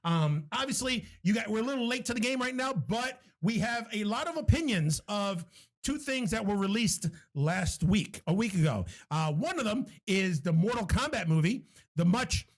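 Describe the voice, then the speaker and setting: A young man co-hosting a podcast, chatting casually in an animated, joking way and swearing freely. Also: high voice, normal speed. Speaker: podcast co-host. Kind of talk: casual chat.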